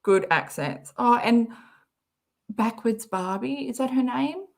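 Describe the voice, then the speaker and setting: This Australian woman reads viewer messages aloud and giggles, chatting casually as she reacts to a clip on her livestream. She speaks slowly in a high-leaning voice with vocal fry.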